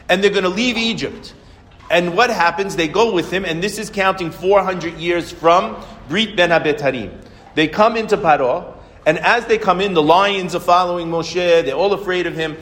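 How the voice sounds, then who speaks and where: A man teaches the weekly Torah portion, asking questions and answering them himself in a lively way. His voice sits a little high. The sound trails off in a long reverb, as in a hall.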